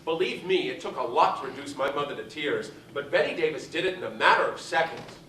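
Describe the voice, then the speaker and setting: A man performing a one-man show, telling gossipy stories on a live theater stage in a lively, theatrical manner. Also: on the high side, fairly quick, a little hiss or hum. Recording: echoey theater from far off.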